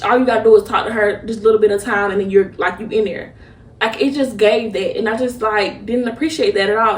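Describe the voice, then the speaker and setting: A young woman hosts a podcast, talking through a personal story in a halting, emotional way with many restarts. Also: medium pitch. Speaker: podcast host. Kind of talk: personal reflective monologue. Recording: roomy echo, mic at a distance.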